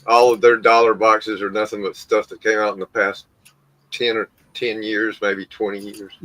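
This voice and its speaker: A man's voice: on the low side, level tone, moderate pace, bright, forceful tone, no room sound, low-quality recording. A man chatting casually on a stream, laid-back and telling travel anecdotes. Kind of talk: casual chat.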